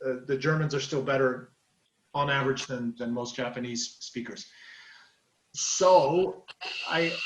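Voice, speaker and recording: A man from Canada in his forties talks casually as a guest on a chat show, spinning stories. His voice sits on the higher side, and the room around him rings with echo. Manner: chatty storyteller, does quick voices. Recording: roomy echoey sound.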